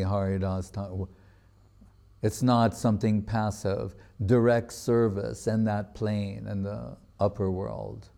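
A man's voice: lowish voice, warm tone. A man giving a religious talk, retelling a sacred story in a loose, conversational way with casual asides. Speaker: spiritual teacher.

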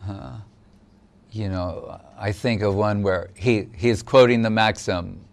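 A man giving a devotional discourse as a spiritual lecturer, explaining gently and pausing often with fillers. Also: lowish voice, vocal fry.

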